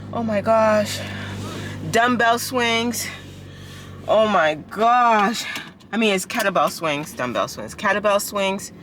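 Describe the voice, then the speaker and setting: A woman's voice: mid-range voice, animated, takes it slowly, a bit bright, slight background noise. A woman vlogger, chatting casually, out of breath and exasperated. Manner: exclaiming, exasperated. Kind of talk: casual vlog chat.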